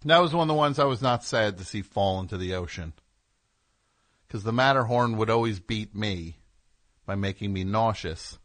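A man's voice: lowish voice, normal speed, fairly bright tone, dry recording. A man from New Jersey hosting a call-in radio talk show, riffing in a sarcastic, ranting comic way.

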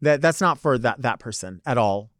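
A man's voice: medium pitch, animated, normal speed, fairly bright tone, dry recording, studio quality. A man hosting a podcast who rants bluntly and profanely, slipping into mocking impressions. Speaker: podcast host. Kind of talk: casual rant.

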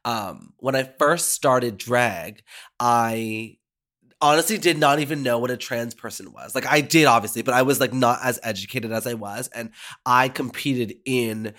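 A drag performer hosting a podcast, chatting casually and gushing over a listener's voicemail and phone call, with lots of fillers and restarts. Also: female voice, a bass voice, unhurried, a bit bright. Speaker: podcast host. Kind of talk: casual chat reacting to voicemails.

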